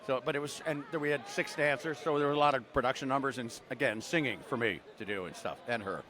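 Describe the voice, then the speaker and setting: A man's voice: medium pitch, fast, crowd noise. Older Canadian man rambling through stories. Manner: rambling anecdotes with many fillers and restarts. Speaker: voice actor guest. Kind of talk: casual storytelling interview. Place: outdoors at a busy convention.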